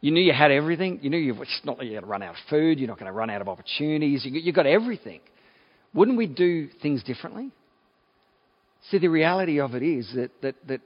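A man's voice: a little high, lo-fi sound. Man preaching a conversational sermon. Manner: conversational preaching with repeated restarts. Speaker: pastor.

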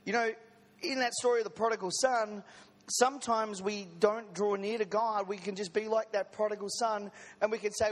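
High-voiced man preaching in a reverberant hall. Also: fairly even intonation, normal speed. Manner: conversational, with joking asides to the congregation. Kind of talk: sermon. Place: church service.

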